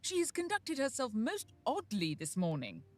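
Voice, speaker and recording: A woman's voice: fairly high pitch, huge pitch swings, moderate pace. A woman voicing a stern older aunt in a game, formal and reproachful in manner. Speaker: game character. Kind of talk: dubbed game dialogue.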